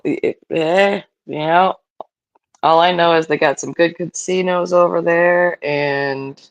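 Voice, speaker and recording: A man from the United States co-hosting a live chat, rambling with halting starts. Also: on the high side, fairly even intonation. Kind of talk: casual chat.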